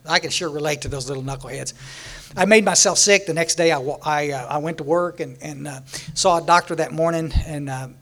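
Man, slightly raised pitch, folksy and joking, storytelling speaker at a recovery meeting. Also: a little fast, fairly bright tone. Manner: folksy storytelling with jokes and laughter.

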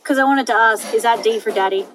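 A woman's voice: on the high side, fast talker, fairly bright tone, slight background noise, rough recording. A woman reading fan fiction aloud and chatting, giggly and self-deprecating. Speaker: fan fiction reader, co-host. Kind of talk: casual chat and reading aloud.

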